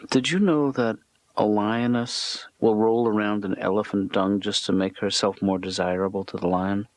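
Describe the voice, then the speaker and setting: An actor playing a mild-mannered middle-aged therapist in a cartoon, talking softly and dryly with small hesitations. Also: male voice, fairly low pitch, fairly even intonation, moderate pace, no room sound, close to an everyday voice. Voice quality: soft-spoken, dry, hesitant. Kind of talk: cartoon sitcom dialogue.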